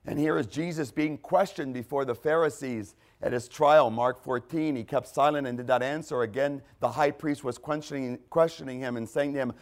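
A man's voice: mid-range voice, normal speed. A man preaching a sermon, reading scripture aloud and pressing his points with emphatic bursts. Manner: emphatic, quoting scripture with rising intensity.

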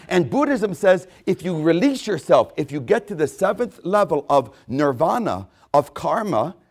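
Male pastor, slightly high voice, emphatic sermon delivery. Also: a little mellow. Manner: emphatic preaching with repetitions and quoted voices.

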